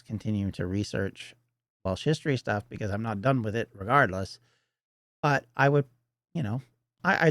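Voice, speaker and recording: A man's voice: lowish voice, gravelly, no room sound, clean studio sound. A middle-aged Canadian man hosting a podcast, talking earnestly in a rambling solo monologue full of restarts. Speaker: podcast host.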